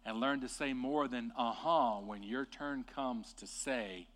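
A man preaching a sermon with passion, rising to loud emphatic peaks and dropping to quiet, deliberate lines. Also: medium pitch. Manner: impassioned, swings from hushed to loud and emphatic.

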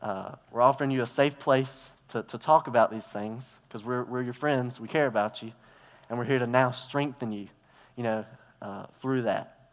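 A medium-pitched man speaks at normal speed, his voice carrying the reverberance of a church hall. As preacher, he delivers a conversational sermon full of stories, acting out parts with props and gestures as he goes.

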